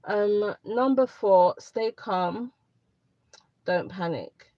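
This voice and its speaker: A woman's voice: medium pitch, very slow, dry recording. A woman chatting candidly on a livestream, rambling a little and repeating herself as she gives advice. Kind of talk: casual live chat to viewers. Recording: dry, slightly dull lo-fi sound.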